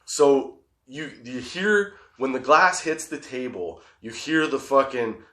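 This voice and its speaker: A man's voice: mid-range voice, lively intonation, takes it slowly, pushed and bright. A man hosting a comedy podcast, telling a rambling, profane story and laughing at it as he goes. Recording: roomy echoey room.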